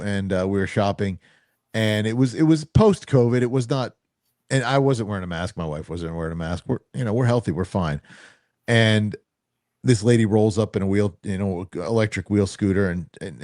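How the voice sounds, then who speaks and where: A man's voice: fairly low pitch, dry recording, studio quality. A middle-aged man hosting a podcast, telling stories in casual chat and acting out the quoted lines. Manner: animated, acts out quoted dialogue. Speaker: podcast host.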